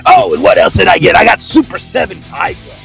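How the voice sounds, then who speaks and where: A man voicing a hyper toy-collector who brags about himself in the third person, shouting and excitable, with crude jokes. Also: high voice, a little fast, creaky, faint music behind, full character voice. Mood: excited. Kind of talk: comedy call-in bit.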